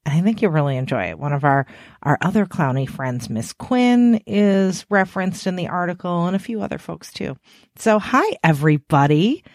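A woman's voice: on the low side, big pitch swings, moderate pace, darkish tone, no echo, studio quality. A woman hosting a podcast alone, playful and cheeky, swearing freely, a bit tired. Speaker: podcast host. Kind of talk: casual solo podcast chat.

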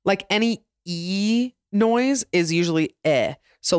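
A woman's voice: on the low side, lively intonation, slow pace, few pauses, darkish tone, dry recording, studio quality. A woman in her thirties with a Utah accent, hosting a solo podcast in a chatty, giggly, self-deprecating way. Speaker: podcast host. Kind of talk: casual solo podcast chat.

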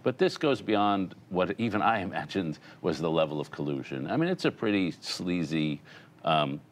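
A man speaking in a political commentary clip, measured and critical. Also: deep voice, big pitch swings, a little hiss or hum.

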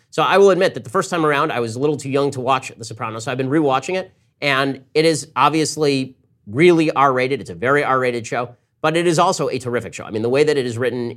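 A man hosting a political commentary show, talking in a fast, sarcastic monologue and mimicking his opponents in quick asides. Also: medium pitch, fairly bright tone.

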